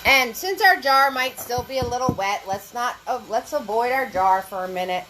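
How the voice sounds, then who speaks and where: A woman's voice: on the high side, moderate pace, bright, forceful tone, faint music behind, rough recording. A woman leading a live painting class, chatty and encouraging, greeting viewers as she goes. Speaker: paint party instructor. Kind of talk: live online painting lesson.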